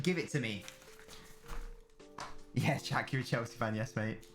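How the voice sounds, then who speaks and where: A man's voice: medium pitch, unhurried, pauses often, faint music behind. Chatty young man streaming. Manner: chatty, jokey, reads chat aloud. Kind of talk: casual live-stream chat.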